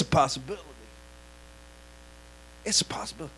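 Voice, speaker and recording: A male preacher delivering a sermon, turning animated and rising into a shouted sing-song at its peaks. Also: a little high, normal speed, creaky, pauses often.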